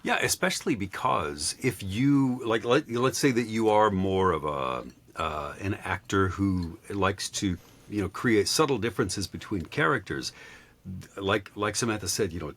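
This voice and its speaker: A man mentoring a voice actor, speaking in a halting way with frequent pauses and filler sounds. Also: low-pitched, fairly bright tone. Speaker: voice acting mentor. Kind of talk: casual feedback session.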